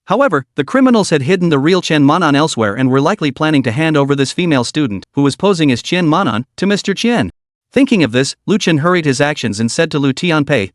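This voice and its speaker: A man giving scripted story narration as a recap narrator, reading at a steady, even pace. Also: on the high side, fairly quick, dry recording, clean studio sound.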